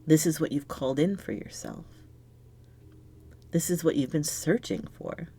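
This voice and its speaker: A woman with a low voice reads tarot cards on her own. She speaks softly and reflectively, often dropping to a near-whisper. She sounds moved and searches for the right words as she goes. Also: measured pace, husky. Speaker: tarot reader. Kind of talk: solo tarot reading to camera.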